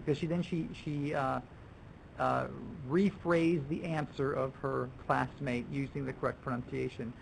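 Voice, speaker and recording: A man with a gravelly, slightly raised voice leads a teachers' workshop, talking loosely with restarts and acting out quotes. A faint hiss runs under the recording. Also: fairly high pitch, poor audio. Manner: conversational, with many restarts and acted-out student quotes. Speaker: language teacher leading a workshop. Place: lecture room.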